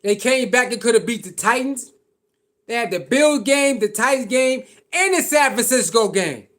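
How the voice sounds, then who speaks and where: A man with a strikingly high voice delivers reaction commentary on football. He talks in heated, slangy bursts and keeps circling back to the same points. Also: lively intonation, moderate pace, fairly bright tone. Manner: heated, slangy ranting with repetition. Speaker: sports commentator.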